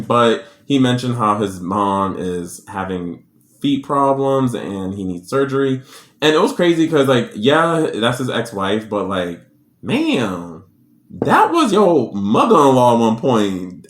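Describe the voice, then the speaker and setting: A man giving a casual, sassy recap of a drama episode, with slangy, animated storytelling. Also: medium pitch, reverberant. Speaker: drama reviewer.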